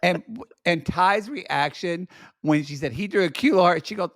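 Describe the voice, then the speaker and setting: A man co-hosting a podcast, retelling reality show scenes in quick, enthusiastic casual banter. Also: high voice, a bit bright, no room sound, studio quality. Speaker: podcast co-host.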